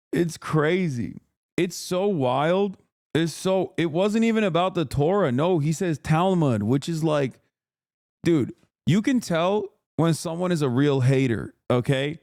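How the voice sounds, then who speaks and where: A man's voice: a little high, unhurried, darkish tone, dry recording, studio quality. A man streaming and reacting to clips in a heated, profane rant, laughing now and then between points. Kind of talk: casual reaction commentary.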